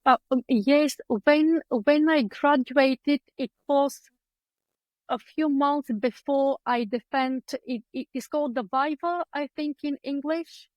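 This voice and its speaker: A clinical psychologist with an Eastern European accent appears as a podcast guest over video call from a book-lined room at home. Her high voice moves slowly, and the recording is dry and dull. She tells her story chattily in a conversational interview, using many fillers and acting out her past thoughts.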